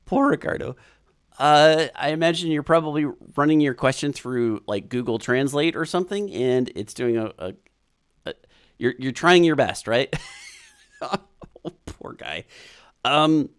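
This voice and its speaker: Chatty man with a lively voice. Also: medium pitch. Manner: chatty, reads viewer comments aloud, thinks out loud. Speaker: live stream host. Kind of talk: casual live stream chat.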